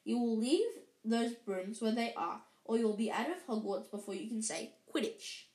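A woman reading aloud and voicing a stern middle-aged female teacher giving firm, brisk orders, in a roomy space. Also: on the high side, a little mellow, natural voice. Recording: roomy echo.

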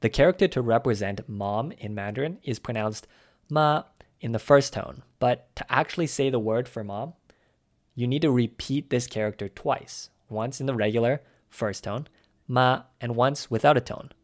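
A man's voice: mid-range voice, normal speed, darkish tone. A man co-hosting a scripted language-lesson podcast, running quiz questions and explaining words in an upbeat teaching manner. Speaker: podcast co-host.

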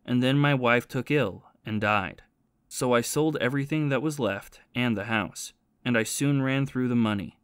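Remorseful ex-soldier and thief confessing his past, read by a man, steady and plain, dry booth sound. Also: medium pitch, normal speed, smooth, no echo, natural voice. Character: remorseful former soldier and thief, haunted by guilt.

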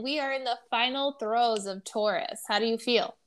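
Woman, podcast co-host, upbeat, chatty, a bit high-pitched. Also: steady tone, normal speed, few pauses, a bit bright. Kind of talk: casual chat.

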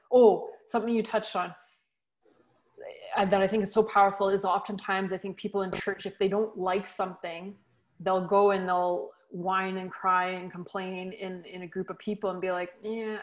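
A woman's voice: mid-range voice, little pitch movement, normal speed, lo-fi sound. A woman co-hosting a casual faith chat, talking in an earnest, encouraging way as she builds her point. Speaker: podcast co-host.

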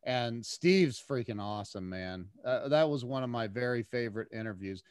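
A man guest on a podcast, telling a story in an animated way with many restarts and repeated words. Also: medium pitch, normal speed, few pauses, smooth, no echo, clean studio sound. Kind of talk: casual storytelling interview.

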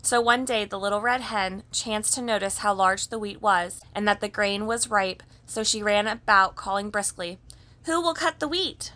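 Bright-voiced woman reading a storybook. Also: medium pitch, steady tone, normal speed, hardly any pauses. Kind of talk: reading a children's story aloud.

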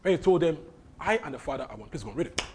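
A man's voice: fairly high pitch, animated, very fast, a little mellow, slight background noise. A man leading a Bible lesson, breaking in on the reading to explain and repeat key phrases with emphasis. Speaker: Bible teacher. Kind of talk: commenting on a scripture reading.

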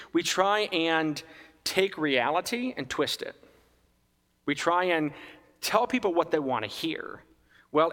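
A man giving a conversational homily as a priest, animated and often asking his listeners questions. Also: fairly high pitch, in a large hall.

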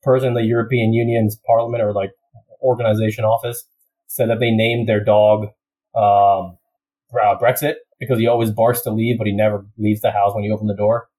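A young man in casual chat, telling a story with lots of laughs and quick put-on voices. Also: on the low side, slightly rough, poor audio. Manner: animated storytelling, laughs often, slips into voices.

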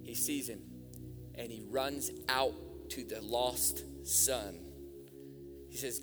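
A man preaching a sermon in a church, impassioned, swinging from hushed appeals to shouted fervor. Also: mid-range voice, fairly even intonation, slow pace. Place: church hall. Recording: music, long hall reverb.

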